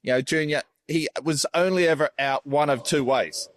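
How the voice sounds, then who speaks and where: Teasing Australian man, slightly high voice. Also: moderate pace, no echo, clean studio sound. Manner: teasing, matter-of-fact. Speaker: podcast co-host, former fast bowler. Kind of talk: casual banter.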